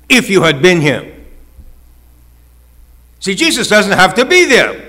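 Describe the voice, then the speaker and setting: A man's voice: sits high, big pitch swings, unhurried, long pauses, bright, forceful tone. A male pastor preaching a sermon, with rising, emphatic calls and acted-out quotes.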